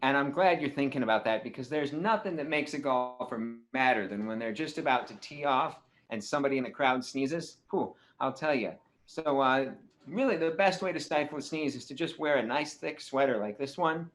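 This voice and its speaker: A man's voice: medium pitch, normal speed, few pauses, fairly bright tone, natural voice. A man playing a relentlessly cheerful golf caddy who gives folksy advice. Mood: chipper. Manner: upbeat, folksy golf talk. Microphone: video call.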